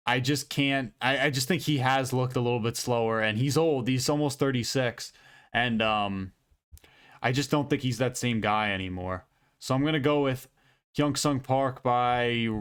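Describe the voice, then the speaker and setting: A man's voice: mid-range voice, fairly bright tone, clean tone. A young man hosting his own channel, giving casual, rambling, profane fight predictions and correcting himself often. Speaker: channel host, fight analyst.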